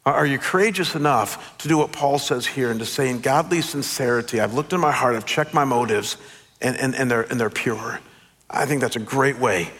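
A middle-aged man, a pastor, giving a conversational, animated sermon with self-deprecating asides and stammered restarts. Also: mid-range voice, creaky, slightly rough. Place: church sanctuary. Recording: long hall reverb.

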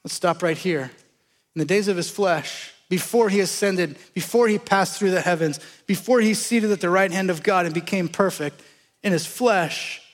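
A man's voice: high voice, in a large hall. A man preaching a sermon in a conversational way, asking the congregation questions as he explains scripture. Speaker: pastor.

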